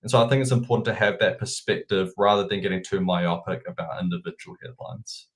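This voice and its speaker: A man's voice: deep voice, a little fast. A man with a New Zealand accent, a guest talking casually about markets and crypto, with frequent repeated words. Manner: relaxed, repeats words when thinking. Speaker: guest analyst.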